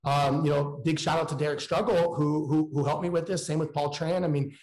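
A man's voice: a little high, steady tone, a little fast, a little mellow, reverberant, low-quality recording. A man speaking candidly in a casual, slangy way, with frequent restarts. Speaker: guest entrepreneur.

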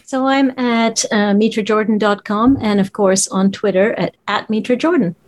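A woman's voice: mid-range voice, normal speed. A woman guest in a casual stream chat, talking chattily and checking in with "right?". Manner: chatty, lots of "right?" and "you know".

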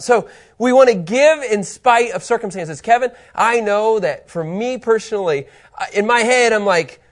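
A middle-aged man giving a casual Bible teaching, animated and quick to laugh, rambling with fillers. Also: sits high.

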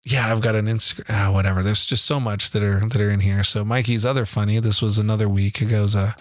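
This co-host, a middle-aged dad, talks in a lowish, fairly bright voice at a fast clip, keeping his intonation fairly even. He chats casually on a podcast about his family, rambling, restarting frequently, and laughing easily. Clean studio sound, no room noise.

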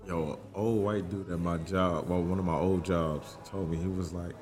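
Deep-voiced man telling a casual story. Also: steady tone, brisk, hardly any pauses, a little mellow, soft background music.

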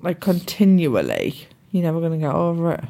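A woman's voice: sits low, wildly swooping pitch, brisk, gravelly, warm tone. A young woman co-hosting a podcast in casual, blunt, teasing and sweary chat. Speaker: podcast co-host.

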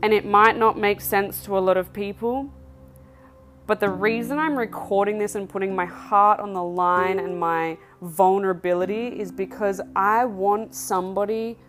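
A woman's voice: mid-range voice, moderate pace, soft background music. A woman hosting a podcast, telling her own faith testimony in a candid, emotional way. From Australia. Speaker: podcast host.

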